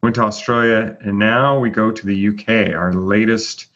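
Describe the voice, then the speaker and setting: Low-voiced man with dull lo-fi sound. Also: fairly even intonation, normal speed, fairly bright tone. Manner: chatty, announces rankings with many fillers. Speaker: host. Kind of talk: casual chat. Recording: dull lo-fi audio.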